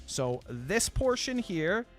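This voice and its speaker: A young Canadian man from British Columbia chats casually on a live game stream while playing a city-building game, rambling and answering viewers with lots of fillers. His voice sits high and is very animated, though he takes it slowly, with soft music playing in the background.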